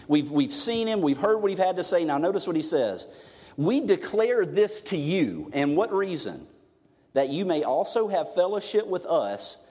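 A man's voice: a little high, darkish tone. Male pastor, middle-aged, casual joking sermon delivery, live church hall reverb. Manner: conversational, joking, emphatic preaching. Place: church sanctuary.

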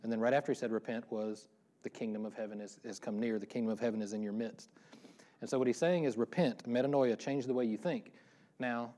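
A middle-aged pastor preaching a casual sermon, talking quickly with joking asides about himself. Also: male voice, mid-range voice, warm tone. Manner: fast-talking, self-deprecating, joking asides.

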